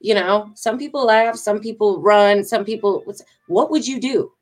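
A worked-up middle-aged woman with a drawl vents a story straight to her followers. She talks in rambling bursts, swearing and pressing every point hard. Her pitch sits right in the middle for a woman. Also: moderate pace. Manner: agitated, swearing, emphatic and rambling. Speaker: vlogger.

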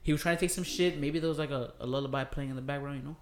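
A man's voice: fairly high pitch, steady tone, racing. A man co-hosting a casual podcast chat, spinning long hypothetical scenes and acting out the lines. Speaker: podcast co-host. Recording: roomy echo.

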